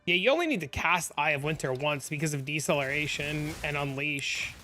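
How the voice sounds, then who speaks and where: A man's voice: on the high side, fairly quick, pushed and bright, a little hiss or hum. A young man streaming a game, rambling in casual chat and venting with lots of "like" fillers. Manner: rambling, heavy use of "like", exasperated venting.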